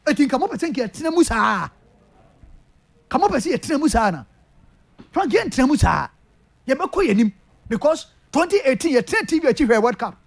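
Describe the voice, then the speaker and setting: A football pundit with a Ghanaian accent argues passionately in a sports talk discussion, repeating points and addressing the host by name. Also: high voice.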